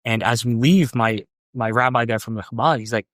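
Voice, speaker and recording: A young man in his twenties speaks at a middle pitch, stumbling over his words and circling back as he recounts a personal story. He sounds close and dry on a podcast microphone, with no room around him. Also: a bit bright, dry recording. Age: young adult. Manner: halting, repeats words, many ums. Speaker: guest. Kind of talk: casual interview storytelling.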